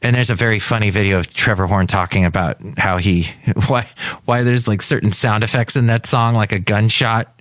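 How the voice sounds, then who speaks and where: A man's voice: fairly low pitch, steady tone, normal speed, a bit bright, no echo. A man hosting his own podcast, chatting in a rambling, digressive way and correcting himself as he goes. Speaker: podcast host. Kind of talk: rambling solo podcast chat.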